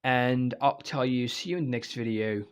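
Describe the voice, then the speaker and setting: A man's voice: mid-range voice, normal speed, clear, resonant tone. A man giving an online English grammar lecture, explaining step by step and checking in often with "okay?" and "right?". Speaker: English teacher.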